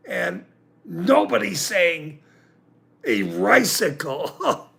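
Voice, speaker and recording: A man with a very gravelly, bright edge rants on his livestream. He talks in a slow drawl while his pitch leaps high and drops low, and he swears and laughs through his points as he reacts to the chat. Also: big pitch swings. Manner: profane, laughing, insistent. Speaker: livestream host. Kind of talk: casual livestream rant.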